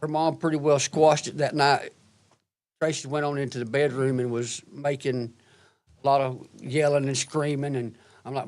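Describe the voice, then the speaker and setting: A man testifies on the stand. His pitch sits in the ordinary middle range for a man. He talks plainly and haltingly, with restarts, walking through what happened one step at a time. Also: flat delivery, a little mellow. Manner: plain-spoken, halting, recounting events step by step. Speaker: witness testifying in court. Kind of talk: courtroom testimony. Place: courtroom.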